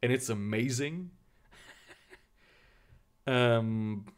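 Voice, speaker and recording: Drawing out his words in a mid-range voice, a man does casual live-stream commentary as he goes through the news and chat. He rambles, curses out of exasperation, and keeps restarting his sentences.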